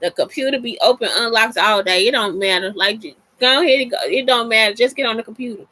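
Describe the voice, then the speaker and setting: A woman's voice: a little high, fast talker, pushed and bright, dry recording. A woman hosting a casual talk show, speaking bluntly and with lots of profanity as she answers listener questions. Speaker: podcast host.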